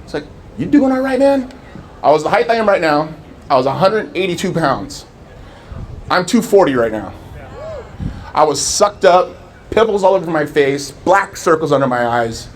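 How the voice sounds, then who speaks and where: A man's voice: a little high, animated, normal speed, pauses often, slight background noise. A man in his forties from Southern California, telling his life story to a live audience with earnest storytelling and acting out remembered dialogue. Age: 40s. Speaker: public speaker.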